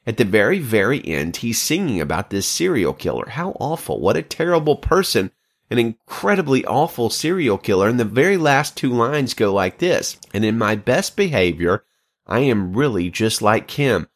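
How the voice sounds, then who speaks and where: Male pastor, mid-pitched, lively intonation, emphatic sermon delivery. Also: moderate pace. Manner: animated, emphatic preaching with sudden pitch jumps.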